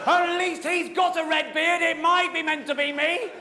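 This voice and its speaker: Excitable British man doing stand-up. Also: extremely high pitch, normal speed, heavy background noise. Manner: excitable, swearing, shouting punchlines. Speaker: stand-up comedian. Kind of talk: live stand-up storytelling. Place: theatre stage with audience laughter.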